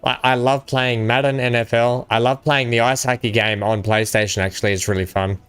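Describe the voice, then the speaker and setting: An Australian man with a smooth, resonant voice at a middling pitch chats away casually while playing a game, rambling from one thought to the next. He sounds upbeat and enthusiastic. Faint game music plays underneath. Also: level tone, fairly quick, fairly bright tone. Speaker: gaming channel host. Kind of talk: casual gameplay chat.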